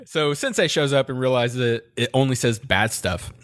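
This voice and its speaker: A man's voice: mid-range voice, normal speed, fairly bright tone. A man co-hosting a podcast, recapping an anime episode in casual chat, rambling with many fillers and frequent laughs. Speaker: podcast co-host.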